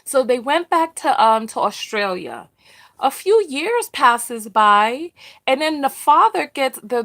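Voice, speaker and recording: This is a woman hosting a live stream, speaking in a loose, conversational way. Her voice sits a little high. She circles back over her points and keeps checking in with "right?". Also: fairly bright tone. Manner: chatty, repeats herself, asks "right?". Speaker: host of a live discussion. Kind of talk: casual live-stream commentary.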